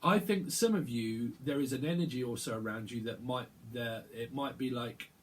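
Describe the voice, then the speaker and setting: A man giving a channeled tarot reading, rambling and halting, often repeating words as he picks up messages. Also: medium pitch, slight background noise. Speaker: tarot reader.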